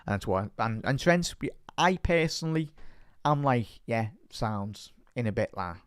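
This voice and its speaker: A man's voice: mid-range voice, animated, measured pace, clear, resonant tone, no echo, studio quality. A young man from Liverpool with a Scouse accent, talking passionately and a bit rambling in a casual reaction video as a fan channel presenter. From Liverpool, England.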